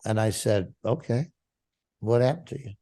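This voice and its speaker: A man's voice: mid-range voice, lively intonation, moderate pace, mellow, husky. A man, a pastor, telling a personal story in an interview and acting out the dialogue vividly.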